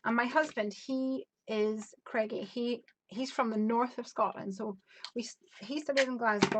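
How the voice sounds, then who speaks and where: A woman in her thirties from Northern Ireland, with a softened Northern Irish accent, hosting a crafting live stream in a casual, upbeat way, reading out viewer comments and thinking aloud while she works. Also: a little high, a little hiss or hum. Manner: chatty and upbeat, laughs often, thinks aloud while measuring.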